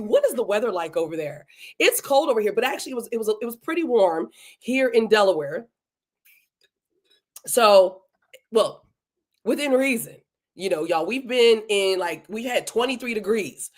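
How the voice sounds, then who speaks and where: A woman hosts a live-streamed podcast, chatting with her viewers in a warm, effusive way. Her voice sits a little on the high side. She greets people by name and talks loosely and casually. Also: lively intonation, normal speed. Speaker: podcast host. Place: home, Delaware.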